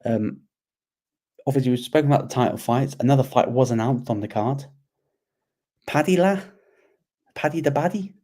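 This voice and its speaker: Mellow-voiced man rambling about fights. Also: medium pitch, normal speed, long pauses. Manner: animated, rambling, repeats words. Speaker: podcast co-host. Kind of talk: casual sports chat.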